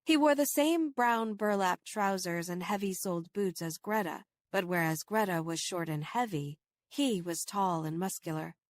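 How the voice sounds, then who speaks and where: A woman reading a first-person horror novel aloud in steady, measured audiobook narration. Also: on the low side, dry recording.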